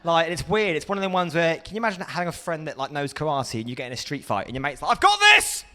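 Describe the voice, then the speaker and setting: A man doing a stand-up comedy set on a festival stage, animated and jumping into loud, high-pitched impressions. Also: rapid-fire.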